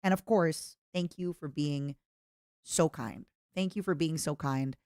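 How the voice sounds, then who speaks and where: A woman streamer with a slightly low voice chats live at her desk mic, playful and expressive, jumping between excited squeals and soft murmurs and repeating words for fun. Her throat sounds a little strained. The sound is close and dry. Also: unhurried, no echo. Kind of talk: casual live-stream chat reading fan letters.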